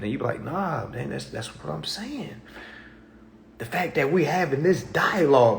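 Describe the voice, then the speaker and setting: A man's voice: medium pitch, brisk, creaky, slight background noise. A man hosting a live stream, talking casually in a preachy, repetitive way, often asking "okay?" and acting out other people's doubting replies.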